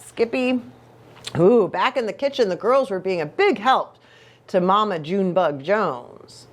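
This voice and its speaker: A woman pastor reading a picture book aloud to children in an animated, expressive way, with playful asides. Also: medium pitch, unhurried, a little hiss or hum.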